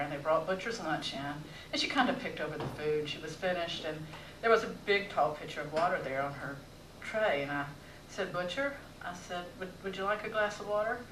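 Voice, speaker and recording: A woman's voice: deep voice, distant mic, slight background noise. Wry woman storyteller in an echoey theater. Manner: wry, expressive, with dramatic pauses. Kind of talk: personal storytelling on stage. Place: theater stage.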